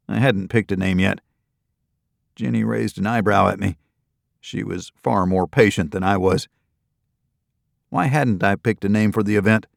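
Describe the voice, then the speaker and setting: A man narrating a first-person thriller audiobook in a steady, matter-of-fact reading. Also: low-pitched, moderate pace, creaky, long pauses, no echo, clean studio sound.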